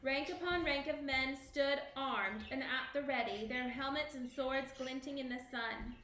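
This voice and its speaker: A woman's voice: high voice, measured pace, few pauses, pushed and bright, echoey room. A woman reading a storybook aloud expressively at home, as a teacher to a child.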